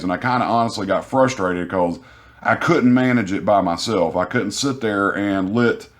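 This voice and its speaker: A man telling a vlog story about his cashier job in a frustrated, profane, rambling way, sounding sick with a sore throat. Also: fairly low pitch. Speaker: grocery store cashier.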